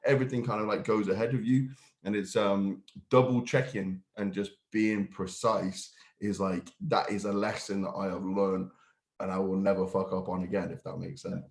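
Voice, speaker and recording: A man's voice: deep voice, little pitch movement, moderate pace. A man telling stories in a casual podcast chat, laughing often and swearing freely. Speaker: podcast co-host and bodybuilding competitor. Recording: roomy echo.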